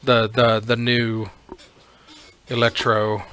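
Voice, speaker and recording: A man's voice: mid-range voice, little pitch movement, takes it slowly, fairly bright tone. A man co-hosting a show, chatting casually and explaining card rules with lots of fillers. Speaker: co-host. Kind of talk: casual card-game commentary.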